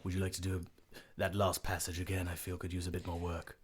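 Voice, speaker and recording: A man voicing a gormless, hunky teenage boy dancer with a put-on Cockney accent, talking slow and dopey in a tabletop game. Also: low-pitched, monotone, very noisy, voice pushed down, natural voice.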